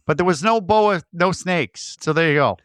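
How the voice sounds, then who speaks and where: A man's voice: on the high side, normal speed, clean tone, no echo, clean studio sound. A man co-hosting a podcast, chatting casually about a movie and acting out scenes as he tells stories. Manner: animated storyteller, acts out scenes and sound effects. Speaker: podcast co-host.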